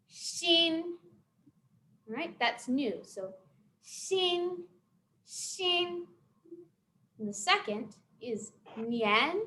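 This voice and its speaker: A young woman telling a folk tale to children and then teaching them simple words, expressive and careful. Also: fairly high pitch. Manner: expressive, dramatic storytelling to children; slow, careful pronunciation drills. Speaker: storyteller and teacher. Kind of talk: children's storytime reading and teaching.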